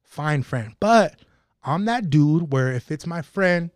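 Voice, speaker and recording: A man's voice: a little high, lively intonation, takes it slowly, dry recording. A man telling a profane, laughing story in casual podcast talk. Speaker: podcast guest.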